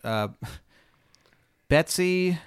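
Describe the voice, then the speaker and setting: A man's voice: fairly high pitch, lively intonation, extremely slow, clear, resonant tone, no echo, studio quality, pitched above the performer's own voice. A man playing a chirpy twelve-year-old girl. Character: girl of about twelve dressed in red, chirpy. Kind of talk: improvised comedy bit.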